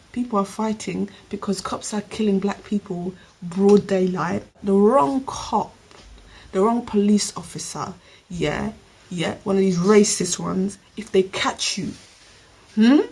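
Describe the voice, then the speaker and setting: A woman's voice: mid-range voice, darkish tone, slight background noise. A woman giving opinion commentary on her vlog, talking emphatically and straight to her viewers. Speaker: vlogger.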